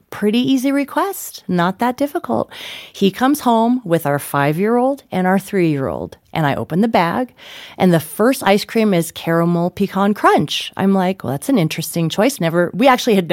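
A woman in her thirties, a guest author telling lively anecdotes in an interview, often laughing and acting out voices. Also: mid-range voice, no room sound, studio quality. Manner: animated, laughing, acts out quoted voices. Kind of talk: conversational interview storytelling.

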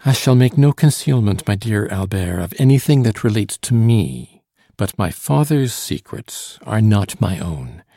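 A man's voice: lowish voice, very animated, unhurried, dark tone, no room sound, clean studio sound, exaggerated voice. A man voicing an earnest young woman who protects her father, reading with a pleading, slightly raised tone in an audiobook.

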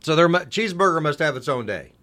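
A man's voice: fairly high pitch, very animated, quick pace, a bit bright. A man hosting a local sports radio segment, chatting in a folksy, rambling way and poking fun at himself. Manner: folksy, rambling, self-deprecating. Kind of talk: casual on-air chat.

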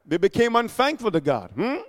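A man preaching a sermon, calling for responses from the congregation and punching key words loudly. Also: high-pitched, very animated, a little fast, long reverb tail. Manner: call-and-response, loud bursts on key words.

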